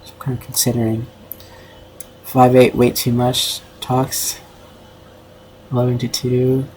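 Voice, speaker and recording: A man's voice: medium pitch, monotone, measured pace, darkish tone, slight background noise, poor audio. A young man streaming casually, rambling and self-conscious with lots of filler words. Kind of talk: casual livestream commentary.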